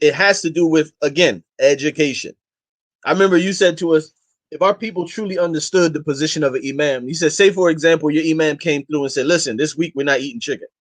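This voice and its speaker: A man who talks quickly in a fairly high voice, pushing his points home with impassioned, slangy emphasis. He sounds like an interview guest speaking off the cuff and exhorting the people listening. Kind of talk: casual interview talk.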